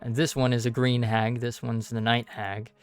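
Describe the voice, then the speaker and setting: A man narrating as dungeon master of a tabletop game, measured and often pausing with fillers. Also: mid-range voice, flat delivery, clear, resonant tone.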